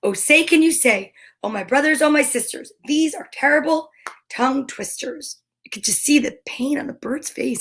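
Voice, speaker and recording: A woman's voice: high-pitched, normal speed, fairly bright tone. A woman comedian reading a rhyming children's book aloud, breaking off into nervous, whispered asides. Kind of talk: comic read-aloud with asides.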